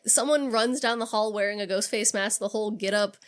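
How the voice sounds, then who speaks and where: A woman co-hosting a podcast, casually retelling a film scene by scene, lively and freely swearing. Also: medium pitch, a little fast. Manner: animated storytelling, swears freely. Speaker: podcast co-host. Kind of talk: casual movie recap chat.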